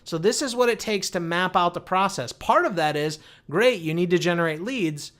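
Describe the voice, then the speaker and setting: A man with a fairly high voice coaches viewers on goal setting. He sounds upbeat and motivational, firing off rhetorical questions and stumbling over fillers as he goes. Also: expressive, normal speed, a bit bright. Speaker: online marketing coach. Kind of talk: direct-to-camera business advice.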